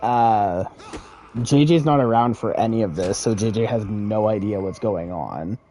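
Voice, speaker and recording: A man's voice: lowish voice, measured pace, mellow, slight background noise. Laid-back man swearing through a story. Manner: profane, rambling, chuckles. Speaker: gaming creator. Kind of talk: casual storytelling.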